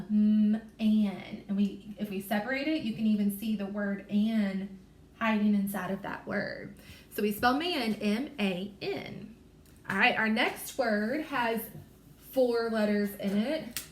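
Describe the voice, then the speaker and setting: A woman reading teacher leading a small-group phonics lesson, sounding out letters slowly and carefully, encouraging and apologetic. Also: medium pitch, echoey room.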